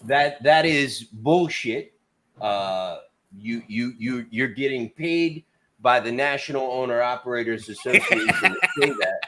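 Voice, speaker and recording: A man's voice: mid-range voice, huge pitch swings, a little slow, bright, forceful tone, a little hiss or hum. A man hosting a casual trucking talk show over a video call, blunt and teasing, with plenty of swearing and "uh" fillers. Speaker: podcast host. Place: Queens, New York.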